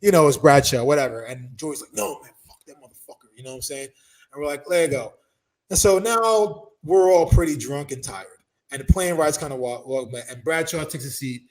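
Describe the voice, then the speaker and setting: A man with a fairly high voice tells a wild story as an interview guest. He swears freely, laughs often, and acts out everyone involved with loud, excited shouts. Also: a little fast, poor audio. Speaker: interview guest, former wrestler. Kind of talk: animated storytelling.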